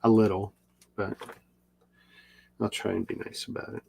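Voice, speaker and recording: Middle-aged male vlogger, casual rambling storyteller, low gravelly voice. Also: flat delivery, normal speed, darkish tone, a little hiss or hum. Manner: rambling, repeats and restarts. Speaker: video creator.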